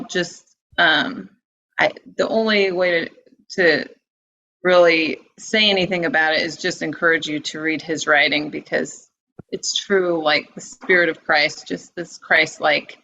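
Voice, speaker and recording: A woman's voice: lowish voice, fairly bright tone, a little hiss or hum. Enthusiastic woman on dull lo-fi audio. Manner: enthusiastic, laughs often, many fillers. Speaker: guest blogger. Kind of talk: casual discussion.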